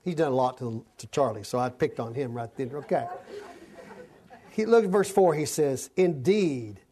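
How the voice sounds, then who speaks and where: A man's voice: mid-range voice, animated, moderate pace, mellow, slight background noise. A male preacher giving an expository sermon, reading scripture aloud and breaking into folksy, conversational asides. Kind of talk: sermon, expository Bible teaching.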